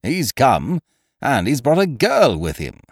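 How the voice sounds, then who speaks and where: A man's voice: medium pitch, wildly swooping pitch, slow, no echo, clean studio sound, exaggerated voice. A man voicing a fussy, precise young man who frets and wails. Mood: flustered. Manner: fretful, wailing.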